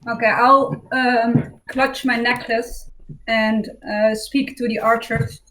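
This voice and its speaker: A woman playing a tabletop game over a call, describing her character's actions slowly and deliberately. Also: fairly high pitch, little pitch movement, a bit bright, rough recording. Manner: slow, deliberate, with fillers. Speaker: player.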